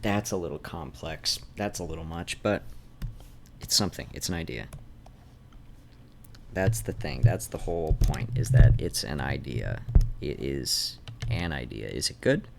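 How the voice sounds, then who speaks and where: A man's voice: rumbling low, a little slow, gravelly, noisy background. A man streaming while he sketches, thinking aloud, trailing off and restarting, with a faint Canadian-like North Idaho accent. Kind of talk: rambling drawing stream. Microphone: desk mic.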